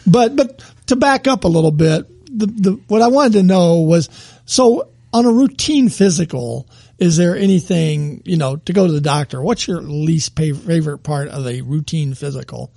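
A man with a high, gravelly voice asks rambling questions in a relaxed chat, often restarting mid-thought. His pitch moves a lot, and the recording is dry and close. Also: normal speed, no echo. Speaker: podcast co-host. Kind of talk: casual chat.

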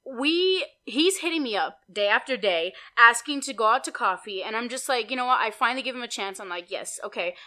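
A young woman tells a dating horror story on a podcast, her voice lively and swinging widely in pitch. Her tone is bright and high-set. She swears freely and drops into a low murmur to imitate her date. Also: brisk, hardly any pauses. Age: young adult. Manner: animated, profane, mimics a mumbling date in a low murmur. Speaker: podcast co-host. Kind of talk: casual storytelling chat.

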